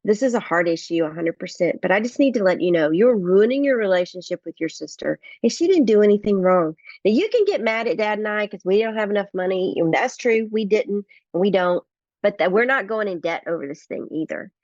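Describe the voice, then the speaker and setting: A woman's voice: mid-range voice, animated, a little fast, darkish tone, no room sound, dull audio. A middle-aged woman, a guest author, telling family stories in earnest in a podcast interview and acting out the dialogue.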